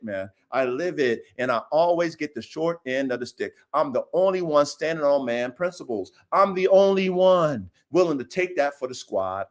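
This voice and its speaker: A man's voice: on the high side, big pitch swings, normal speed, few pauses, a bit bright. A man hosting a dog podcast, delivering a boastful, combative, profane rant full of repetition and challenges to listeners. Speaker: podcast host, dog breeder. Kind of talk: profane ranting monologue.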